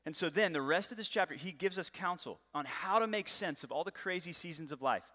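A man in his thirties, a pastor preaching a lively, joking, conversational sermon. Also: sits high, fairly quick. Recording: long hall reverb.

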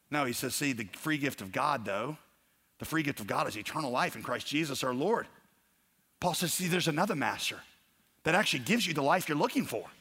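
A man preaching a sermon, telling a story and acting out the voices in it with animated energy. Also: mid-range voice, big-room sound. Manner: animated, acts out voices in stories. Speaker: pastor.

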